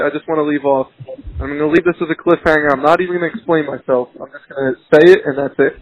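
A man's voice: a little high, steady tone, rapid-fire, muffled recording. Brash joking man on a call. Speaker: podcast co-host. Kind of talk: casual banter on a phone call.

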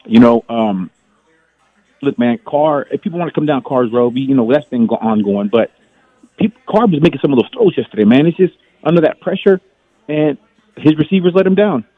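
Fast-talking man on a phone line. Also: mid-range voice, expressive, no echo. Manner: passionate fan, rallying speech. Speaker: phone-in caller. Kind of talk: casual radio call-in.

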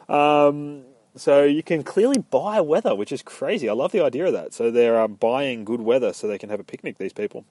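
A man's voice: medium pitch, a little fast, a little mellow, no room sound. A young man casually retelling a game's story in a rambling, profane way, slipping into quoted voices. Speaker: gamer recapping a story.

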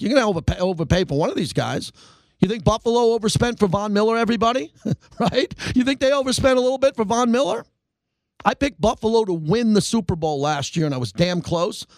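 A middle-aged man hosts a call-in sports radio show with a high voice that leaps even higher when he gets fired up. He rants at his listeners from a dry, close studio microphone. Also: dry recording. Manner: animated, ranting, pitch shooting up when worked up.

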